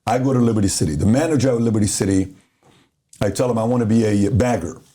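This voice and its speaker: A man's voice: on the low side, fast, warm tone. A middle-aged man from Iran, hosting a casual chat and telling a story with acted-out quotes. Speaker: host.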